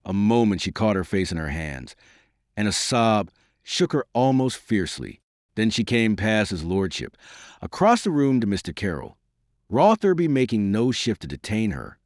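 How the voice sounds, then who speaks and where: A man reading a historical novel aloud in an expressive, theatrical manner. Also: lowish voice, moderate pace, dry recording, clean studio sound. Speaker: audiobook narrator. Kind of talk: scripted narration.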